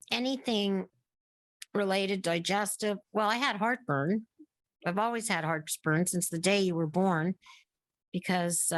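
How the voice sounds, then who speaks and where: A woman's voice: fairly low pitch, creaky, no room sound. Middle-aged woman telling a long story. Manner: narrates at length, acting out remembered dialogue. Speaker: podcast guest. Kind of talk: casual interview storytelling.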